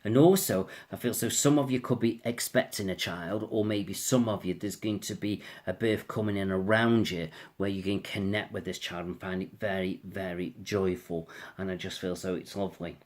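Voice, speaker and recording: A man's voice: low voice, fairly even intonation, normal speed, hardly any pauses, a little mellow. A man giving a casual astrology reading, rambling and reassuring, often repeating "I feel so". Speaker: astrologer and tarot reader.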